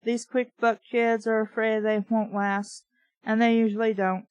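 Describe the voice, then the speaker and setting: A woman reading the lines of a gruff, bossy middle-aged man in a book, in a brusque, matter-of-fact way, with a dry sound. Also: high voice, little pitch movement, a little slow, no echo.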